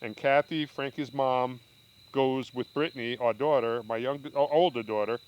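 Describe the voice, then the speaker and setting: A man's voice: mid-range voice, steady tone, normal speed, smooth, lo-fi sound. Rambling father telling old stories. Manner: rambling, with restarts and asides. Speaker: podcast guest, father. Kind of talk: casual storytelling.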